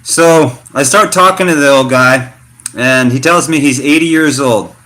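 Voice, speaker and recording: Slangy, bright-voiced American man vlogging. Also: medium pitch, a little slow. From United States. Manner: slangy, animated storytelling with fillers. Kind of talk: casual rambling vlog talk.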